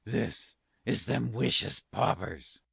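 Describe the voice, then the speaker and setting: A pompous, self-important parish beadle drawls out each word slowly and gravely, as a woman reading the story puts him on. The voice sits very low with a heavy gravelly rasp and a husky edge. Dry, close recording. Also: no echo, full character voice. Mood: pompous concern.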